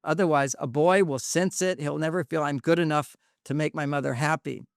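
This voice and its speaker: An older man speaks as an interview guest, his voice sitting a little on the high side as he shares personal stories. His delivery is earnest and confiding, and he often circles back and restarts a thought. The sound is dry and close, with no room echo. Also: steady tone, a little fast, vocal fry. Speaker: guest relationship expert. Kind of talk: reflective personal storytelling.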